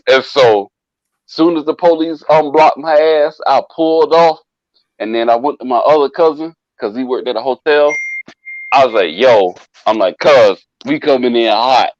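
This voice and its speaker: A man with a mid-range voice and moderate pace recounts a lengthy, profane party story to a friend, animatedly performing everyone's lines. The sound is dry, dull and lo-fi, without echo.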